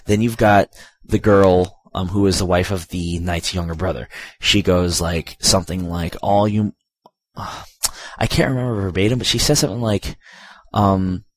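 A man's voice: sits low, normal speed, dry recording. A man giving a casual, rambling video game review, full of fillers, asides and profanity.

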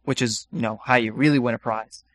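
A man's voice: medium pitch, steady tone, fairly quick, no echo. Rambling man on a podcast, dry close mic. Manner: rambling, lots of ums and restarts. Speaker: podcast co-host. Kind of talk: casual chat.

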